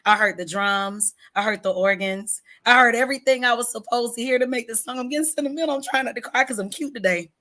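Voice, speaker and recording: Bright, tense-edged woman singer-songwriter as guest, candid and emphatic storyteller, leans on key words. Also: a little high. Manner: earnest and emphatic, drawn-out words for stress; candid about hard personal struggles. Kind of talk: personal storytelling in an interview.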